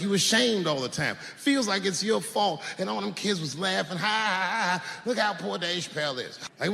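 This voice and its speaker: A man in his forties performs stand-up, his voice sitting fairly high for a man. He talks to the crowd in a loose, profane, conversational way. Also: creaky. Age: 40s. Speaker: stand-up comedian. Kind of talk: stand-up comedy. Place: comedy stage before a live audience.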